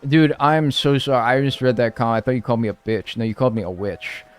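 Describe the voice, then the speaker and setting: A man livestreaming a game, chatting loosely with his viewers in a slightly low voice. He leans on "dude" and "like", easygoing and unscripted. Soft music plays faintly underneath. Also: rapid-fire. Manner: laid-back, slangy, says "dude" and "like" a lot, reads and answers chat. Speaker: streamer. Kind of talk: casual live-stream chat over gameplay.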